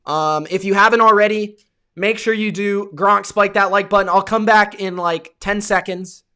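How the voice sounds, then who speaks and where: A young American man hosting a live reaction stream of a football game, calling plays and yelling at big moments while talking to his chat. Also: sits high, moderate pace, smooth. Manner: excitable, yells at big plays, talks to chat viewers.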